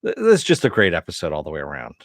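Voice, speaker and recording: A man hosting a casual spoken review of an animated series, rambling with many fillers, laughing often and swearing with enthusiasm. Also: low-pitched, rapid-fire, creaky, no echo, clean studio sound. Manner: profane and enthusiastic.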